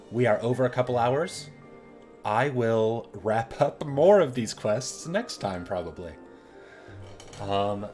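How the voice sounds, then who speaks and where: Man, game streamer, casual, joking, lower voice, faint background music. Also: darkish tone.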